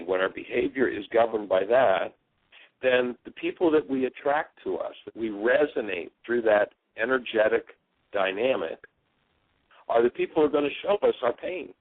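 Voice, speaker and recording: A man's voice: fairly low pitch, expressive, moderate pace, no echo. A man hosting a radio talk show, earnestly explaining ideas and acting out the people he quotes. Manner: earnest, explanatory, acts out quotes in other voices. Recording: dry phone-line sound.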